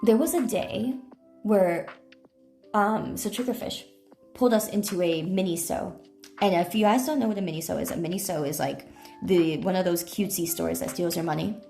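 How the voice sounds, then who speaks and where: A woman's voice: fairly low pitch, moderate pace, creaky, dark tone, soft background music. A woman streamer chatting casually, telling rambling stories full of fillers and self-corrections. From United States. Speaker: IRL streamer. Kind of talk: casual live-stream chat.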